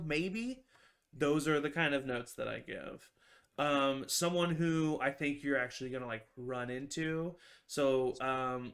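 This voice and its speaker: A man's voice: mid-range voice, fairly bright tone. A man, a tabletop game master, chatting casually on a video call, rambling with many fillers and restarts.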